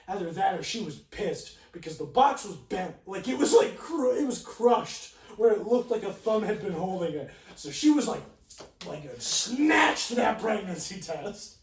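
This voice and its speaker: High, animated young man telling stories. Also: reverberant, far from the mic. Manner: animated, laughs often, swears freely. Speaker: podcast co-host. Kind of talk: casual storytelling chat.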